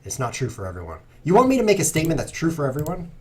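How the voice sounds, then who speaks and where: A man's voice: a little high, wildly swooping pitch, racing, darkish tone. A man hosting a chess livestream, talking casually and rambling with playful sarcasm at his computer. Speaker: chess streamer host. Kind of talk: casual livestream commentary while playing.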